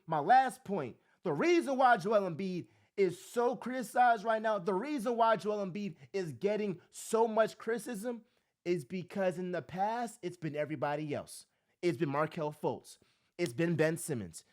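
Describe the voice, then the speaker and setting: A man hosting a sports talk show, ranting with emphatic passion and throwing in "bro" constantly. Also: high voice. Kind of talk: impassioned sports rant.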